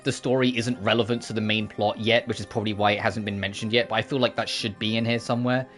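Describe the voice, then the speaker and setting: A man's voice: mid-range voice, a bit bright. Chatty young man streaming. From United Kingdom. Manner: chatty, emotional, laughs often. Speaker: game streamer. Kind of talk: casual live commentary.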